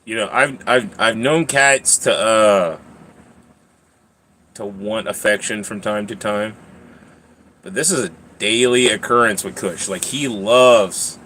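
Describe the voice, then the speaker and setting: A man's voice: lowish voice, takes it slowly, a bit bright, a little hiss or hum. Rambling man chatting on a livestream. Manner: rambling, laughs often, talks to his cat. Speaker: livestream host. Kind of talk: casual livestream chat.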